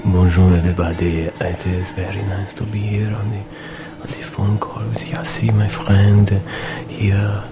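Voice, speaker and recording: Man voicing a lonely French inmate, very deep voice, French accent, halting and soft, music under. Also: completely flat delivery, lightly acted. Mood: hesitant. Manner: halting, soft, hesitant, with many fillers. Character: lonely French male prisoner, gentle, earnest. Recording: music playing behind.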